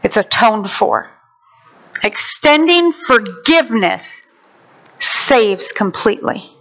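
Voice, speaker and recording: A woman preacher delivering a sermon with animated storytelling, acting out the characters. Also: mid-range voice, slow pace. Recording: dull lo-fi sound.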